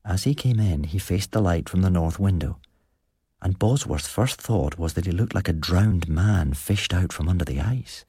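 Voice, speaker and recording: A man narrating an audiobook in an even, measured storytelling manner. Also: sits low, slightly rough, dry recording, clean studio sound.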